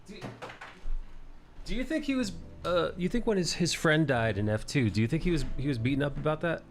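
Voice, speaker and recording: A man's voice: fairly high pitch, expressive, fairly quick. A man hosting a casual livestream chat, rambling, swearing freely and laughing often. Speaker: livestream host. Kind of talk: casual chat while drawing.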